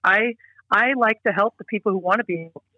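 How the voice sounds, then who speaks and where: A woman's voice: mid-range voice, fairly quick, pushed and bright, no echo, highs cut off. A middle-aged woman speaking as an interview guest. She talks earnestly and emphatically, often restarting her sentences. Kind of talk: casual interview talk.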